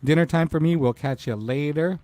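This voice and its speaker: A man's voice: fairly high pitch, brisk, darkish tone. A man hosting a casual livestream talk show, upbeat and greeting viewers by name.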